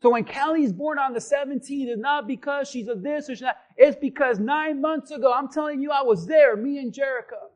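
A man preaching a sermon as pastor, building to shouted emphasis. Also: very high voice, fairly quick, hardly any pauses.

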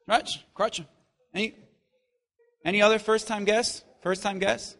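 A man preaching a sermon as pastor, swinging from loud emphatic lines to quiet stretches and joking with his congregation. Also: high voice, steady tone, measured pace. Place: church.

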